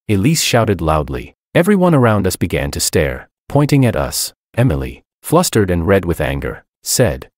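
A man's voice: low-pitched, wildly swooping pitch, moderate pace, hardly any pauses, no room sound, studio quality. A man narrating a first-person story, reading steadily and acting out his own quoted lines.

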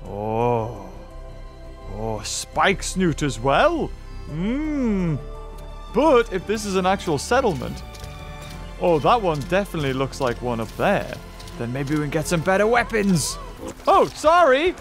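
Man, gaming host, excitable chatter, high voice, bouncy pitch, faint game music behind. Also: measured pace. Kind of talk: let's play commentary.

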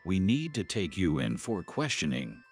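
A woman's voice: very deep voice, wildly swooping pitch, moderate pace, husky, soft background music, pitched below the performer's own voice, exaggerated voice. A woman voicing a stern male police officer who speaks in a curt, formal way. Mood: official.

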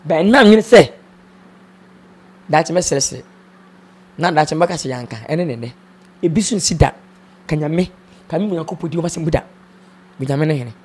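A man's voice: on the high side, a little mellow, slightly rough. A man with a Ghanaian accent, speaking as an interview guest, subdued and mixing in English words. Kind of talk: emotional interview talk.

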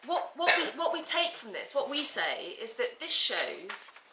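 A woman barrister making a formal legal argument to judges in a courtroom, measured and precise, stressing key words. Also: a little high, very animated, noisy background.

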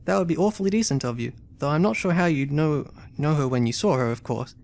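A man voicing a flustered, agitated young gentleman in a game, complaining as he talks. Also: fairly high pitch, fast, vocal fry. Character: flustered dapper young gentleman, engaged and glum.

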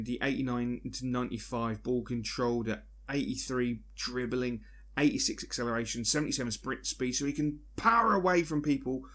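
A man giving live commentary on his own football video game, excitable and quick to swear at the play. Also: mid-range voice. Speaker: gaming YouTuber.

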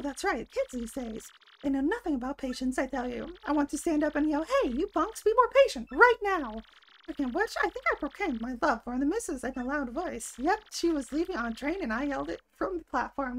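Woman reading a rambling old game turtle, no character voice, high-pitched. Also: a bit bright, a little hiss or hum. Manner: reads the lines aloud in her own plain voice.

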